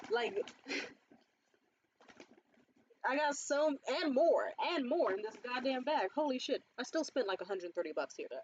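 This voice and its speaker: A young woman in casual vlog chat about a beauty haul, animated and swearing freely, jumping up high when quoting others. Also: highs cut off. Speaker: beauty vlogger. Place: bedroom.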